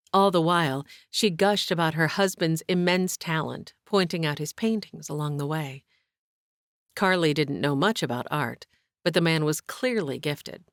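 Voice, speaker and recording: Low-voiced woman narrating an audiobook. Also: no echo, clean studio sound. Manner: steady, even storytelling. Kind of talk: scripted narration.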